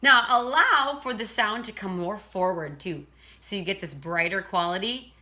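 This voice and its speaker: A woman's voice: medium pitch, moderate pace, pushed and bright. A woman teaching a casual singing lesson, chatting and breaking off to demonstrate vocal sounds.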